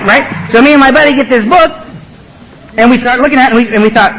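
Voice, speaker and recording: Fast-talking, high-voiced man sharing bluntly. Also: a bit bright, a faint crowd, a little hiss or hum, poor audio. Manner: blunt, emphatic, profane, humorous. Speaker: speaker sharing at a recovery meeting. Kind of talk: recovery meeting share. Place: meeting room.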